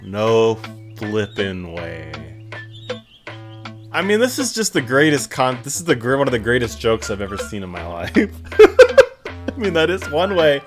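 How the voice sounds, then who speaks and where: A young man hosting a reaction video, loose and expressive, laughing a lot. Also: mid-range voice, a little slow, pauses often, music in the background. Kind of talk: casual reaction commentary.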